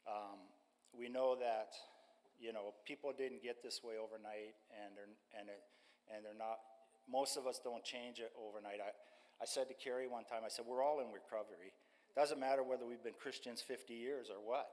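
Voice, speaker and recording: Older man giving halting church testimony. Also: medium pitch, fairly even intonation, a little mellow. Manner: halting storytelling with many fillers. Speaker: street ministry staff member. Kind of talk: personal testimony at church service. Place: church sanctuary. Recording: long church-hall reverb.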